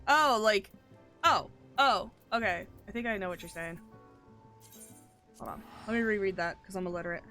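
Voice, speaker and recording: Game streamer, woman; bright, forceful tone, excitable and profane, mutters then bursts out. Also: mid-range voice. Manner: excitable, swings from mutters to loud outbursts, swears freely. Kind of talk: casual live-stream chatter.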